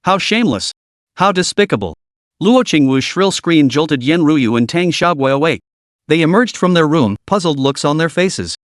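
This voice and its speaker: A man narrates a web novel with lively, animated storytelling, his voice sitting a bit high. The recording is dry and close, with no room sound. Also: moderate pace, no echo.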